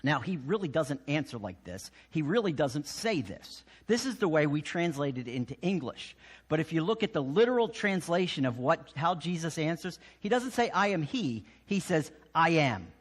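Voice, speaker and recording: A man preaching a sermon in a church sanctuary, his voice set fairly high and swinging widely in pitch. He acts out voices, then drops to a hush. His words ring out in a long church reverb. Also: moderate pace, slightly rough. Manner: animated storytelling, acting out voices with sudden drops to a hush. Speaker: pastor.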